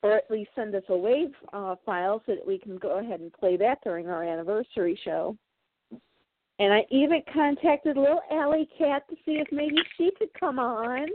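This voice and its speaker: A woman's voice: a little high, normal speed, dry recording. A woman co-hosting a casual podcast, chatting and rambling with fillers. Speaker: podcast co-host. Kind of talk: casual chat. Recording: tinny phone-like line, dry.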